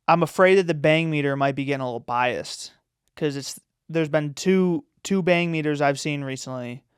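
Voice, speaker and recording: A man's voice: mid-range voice, clear, resonant tone, no room sound, studio quality. A man hosting a podcast in a casual, rambling chat, giving strong opinions and filling his talk with "like" and "you know.". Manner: rambling, opinionated, full of fillers. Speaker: podcast host.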